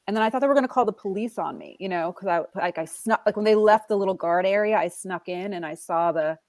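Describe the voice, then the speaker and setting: Woman, 40s, Brooklyn accent, talk show guest, animated storytelling, dry close sound. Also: medium pitch, quick pace, dry recording. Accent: Brooklyn New York. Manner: animated, self-deprecating, acts out quotes. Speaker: guest actress. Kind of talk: casual interview storytelling.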